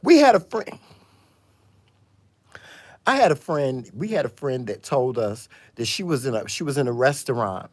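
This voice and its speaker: A man vlogging a casual monologue, telling gossipy stories in a sassy, dramatic way, full of "honey" and "child" and sudden loud exclamations. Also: medium pitch, animated, fairly quick, hardly any pauses. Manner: dramatic exclamations and swings in loudness.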